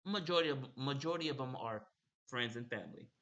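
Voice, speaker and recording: A man's voice: medium pitch, fast, a bit bright, dull audio. A young man telling a casual story as a streamer host, rambling and repeating himself. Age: young adult.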